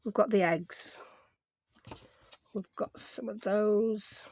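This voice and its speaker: Chatty woman, gravelly. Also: mid-range voice, fairly even intonation, slow, darkish tone. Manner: chatty, rambling, thinks aloud. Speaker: craft vlogger. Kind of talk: casual chat while crafting.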